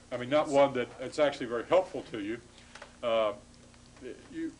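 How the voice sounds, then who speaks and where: A man's voice: medium pitch, a little hiss or hum, rough recording. A man giving a classroom lecture to students, explaining patiently with frequent hesitations and restarts.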